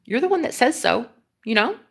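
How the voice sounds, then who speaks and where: A young woman who works as a twin flame coach, talking casually to camera in a sassy, emphatic way, swearing freely and laughing loudly. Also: fairly high pitch, very animated, a little fast, gravelly, breathy edge. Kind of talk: casual vlog rant to camera.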